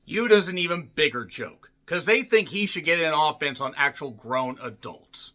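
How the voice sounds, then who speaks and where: A young man tears into a wrestling show, swearing and yelling one moment, muttering the next. His voice sits high and sharp, with a wide, restless pitch. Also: animated, normal speed, hardly any pauses. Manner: profane, yelling and ranting, swinging between shouts and mutters. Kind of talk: angry ranting review.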